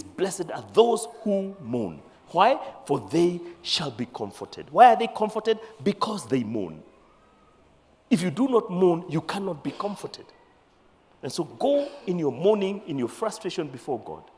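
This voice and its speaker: A Kenyan pastor preaching a sermon, animated and then dropping to quiet, earnest passages. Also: male voice, on the high side. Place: church. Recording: reverberant church hall.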